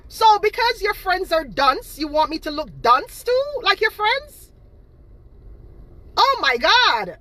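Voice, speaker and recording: A woman's voice: very high-pitched, very animated, slow pace, sharp tone, poor audio. A woman, ranting to camera about her cake business and her critics with indignant, repetitive emphasis. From Boston, Massachusetts. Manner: indignant, emphatic, repeats herself. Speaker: home cake seller. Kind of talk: direct-to-camera rant.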